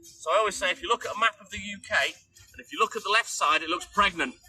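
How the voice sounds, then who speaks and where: A man with a North Welsh accent and a slightly raised voice hosts a relaxed livestream. He chats in a wry, easygoing way and answers viewers by name. Clear music plays behind him the whole time. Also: high voice, fast talker, low-quality recording. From North Wales. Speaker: livestream host. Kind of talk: casual live chat with viewers.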